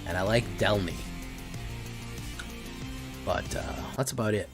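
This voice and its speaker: Deep-voiced male streamer, loose and profane, faint music bed. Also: measured pace, pauses often. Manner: rambling, swears freely, talks to chat. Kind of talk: casual live-stream chat.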